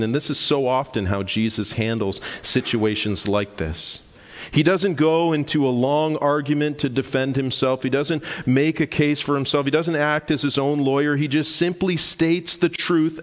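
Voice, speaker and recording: Male pastor, sermon, earnest and emphatic, mid-pitched voice, long church reverb. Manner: earnest, emphatic preaching with scripture reading. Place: church sanctuary.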